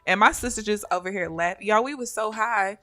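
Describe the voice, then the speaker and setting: Bright-voiced woman trader chatting to viewers. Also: medium pitch, fairly quick, faint music behind. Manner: animated storyteller who addresses viewers as "y'all" and laughs often. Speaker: day trader live-streaming her trades. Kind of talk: casual live-stream chat with trading commentary.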